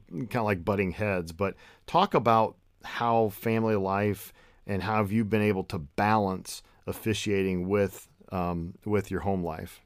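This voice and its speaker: Deep-voiced podcast host. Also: male voice, dry recording, clean studio sound. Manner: gives short backchannel replies; hesitant questions with fillers. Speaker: podcast host, basketball referee. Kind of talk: interview host.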